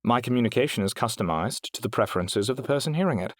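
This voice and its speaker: A man's voice: mid-range voice, lively intonation, fast talker, dry recording, clean studio sound, pitched above the performer's own voice, close to an everyday voice. A man voicing a refined, polite female AI companion with a British accent and precise, proper diction in an audiobook. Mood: courteous, poised. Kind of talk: audiobook character voice.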